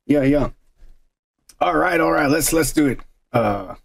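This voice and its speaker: A man's voice: fairly high pitch, animated, a little slow, gravelly. A man co-hosting a podcast, chatting casually over beers, profane and loose, often laughing. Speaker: podcast co-host.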